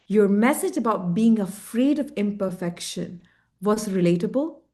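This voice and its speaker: A woman evaluating a club speech over a video call, in measured and encouraging tones. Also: medium pitch, a little mellow. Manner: measured, deliberate, encouraging feedback with rhetorical emphasis.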